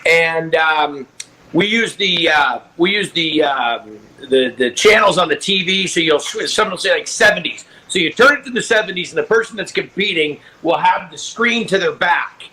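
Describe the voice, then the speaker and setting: Bright high-voiced man telling stories. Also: expressive, normal speed, a little hiss or hum, low-quality recording. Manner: loose storytelling, laughs easily. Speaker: celebrity guest. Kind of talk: casual video-call chat. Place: home at a ranch. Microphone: video call.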